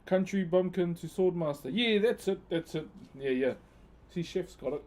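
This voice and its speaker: A man's voice: high-pitched, moderate pace, a little mellow. A man chatting casually on a live stream, thanking viewers by name and using Maori words. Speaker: live streamer and wood carver.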